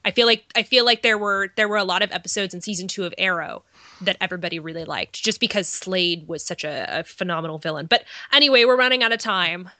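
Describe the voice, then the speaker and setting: A woman co-hosting a podcast in casual chat, her voice stuffed up from a cold, answering quickly and easily. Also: lowish voice, bright, forceful tone, no room sound. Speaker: podcast co-host.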